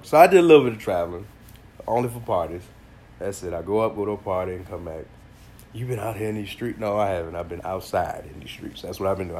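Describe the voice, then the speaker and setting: A man hosting a casual solo podcast, telling stories in a loose, profane, animated way with a congested voice. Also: low voice, a little hiss or hum. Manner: animated storytelling, slangy and profane, bursts of laughter. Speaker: podcast host.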